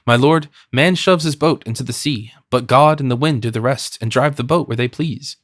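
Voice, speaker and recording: A man reads a wily fisherman in his fifties, chatty and humbly deferential with a sly edge. The audiobook sound is close and dry. His pitch sits at a middle level. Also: moderate pace, a bit bright, dry recording, natural voice. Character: cunning, talkative French fisherman in his fifties.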